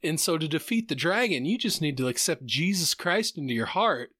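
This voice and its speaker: A man tells a story in loose, profane podcast banter, his voice bright and pushing forward. He's a little higher than most men. The sound is very dry and close, with no room around it. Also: lively intonation, fairly quick, no echo. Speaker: podcast co-host. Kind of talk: casual chat.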